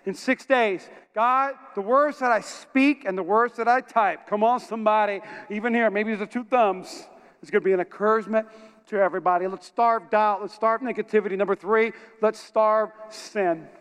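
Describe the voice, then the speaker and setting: At a normal speed and with a high, smooth voice, a pastor delivers a lively sermon in a church auditorium, telling animated stories and calling out to his listeners. The recording carries the echo of the hall.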